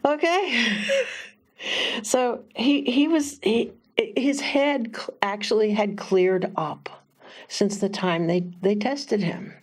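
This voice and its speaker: A woman minister telling a personal story in a halting, chatty way, often laughing and animating her quotes. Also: on the high side. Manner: lively quoted voices.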